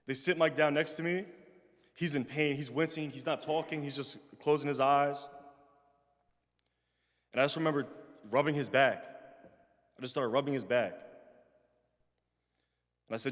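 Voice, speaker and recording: A man's voice: mid-range voice, a little fast, pauses often. Young man telling a story in a reverberant chapel. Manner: animated, acts out quoted voices, trails off softly in reflective moments. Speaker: guest speaker. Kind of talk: personal storytelling talk. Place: large chapel.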